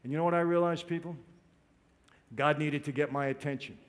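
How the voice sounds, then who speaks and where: This man's voice is on the high side, his tone steady and his pace fairly quick. Emotional and direct, he delivers a religious testimony and keeps calling his listeners "people."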